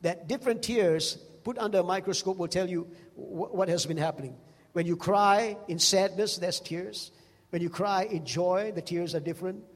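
A man's voice: high-pitched, moderate pace, long reverb tail. A man preaching a sermon, telling the stories with emphasis and calling out to the congregation. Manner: storytelling, emphatic with call-outs to the congregation.

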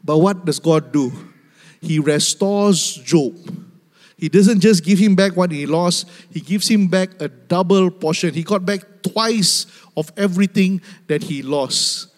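A man's voice: sits high, measured pace. A male preacher delivering an emphatic, repetitive sermon, speaking directly to the church and laughing often. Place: church hall. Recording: long hall reverb.

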